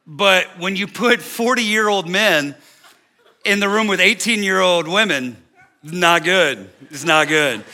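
Emotional, joking pastor with a bright voice. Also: male voice, high-pitched. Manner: emotional, candid, joking and self-interrupting. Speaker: senior pastor. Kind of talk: preaching to a young adult service. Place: large church auditorium.

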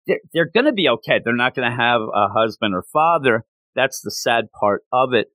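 A man's voice: mid-range voice, animated, normal speed, sharp tone, no echo, low-quality recording. A man giving an enthusiastic, rambling recap of a comic book story.

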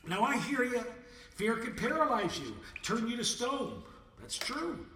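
A man delivering a dramatic monologue addressed to God, swinging between booming declarations and hushed asides. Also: wildly swooping pitch, unhurried, echoey room, far from the mic, background noise. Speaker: podcast host.

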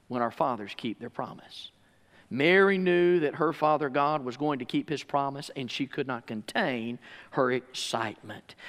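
A middle-aged man with a drawl preaches in a church sanctuary, his voice pitched high for a man. He swings between hushed, confiding teaching and loud, fervent exclamation. The sound carries a long, hanging reverb from the large room. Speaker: pastor. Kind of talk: sermon.

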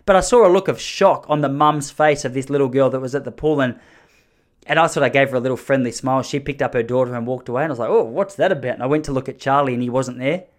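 Speaking quickly in a steady, medium-pitched voice, this Australian man in his 30s spins a humorous story from his own life. The telling is rambling and self-correcting, dotted with sheepish asides.

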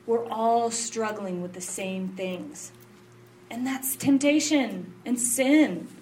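A woman, a pastor's wife, giving an earnest, confessional sermon that moves between quiet low passages and emphatic rises. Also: slow pace, distant mic, slight background noise.

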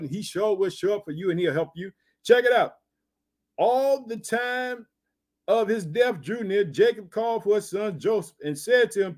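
Brief: high-pitched man preaching, emphatic and repetitive, reading Bible verses aloud. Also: normal speed, darkish tone. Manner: emphatic, repeats "did you hear that?".

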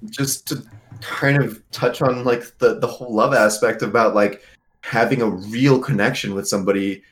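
A man in casual chat about a film, animated and laughing as he talks. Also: mid-range voice, normal speed.

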